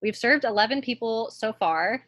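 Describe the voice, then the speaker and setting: A woman's voice: a little high, expressive, moderate pace, fairly bright tone, no room sound. Woman, team leader, upbeat motivational call, emphatic repeats, dry close sound. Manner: emphatic, repeats phrases for effect. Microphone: call audio.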